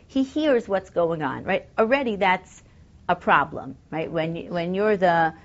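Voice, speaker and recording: A woman's voice: lowish voice, lively intonation, unhurried, lo-fi sound. A woman teaching a text study class, thinking aloud with fillers and reading Hebrew verses. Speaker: Torah teacher.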